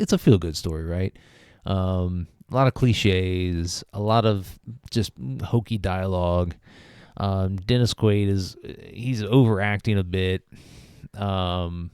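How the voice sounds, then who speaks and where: A man's voice: low voice, a little mellow, smooth, no room sound, studio quality. A man hosting a casual spoken film review, rambling with many fillers and restarts. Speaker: movie review host.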